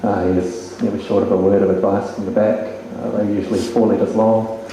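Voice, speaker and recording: A man's voice: fairly low pitch, flat delivery, a little fast. A man giving an informal eulogy at a funeral with dry humour and a few hesitations. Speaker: eulogy speaker, teammate. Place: funeral hall. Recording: very echoey hall, faint noise.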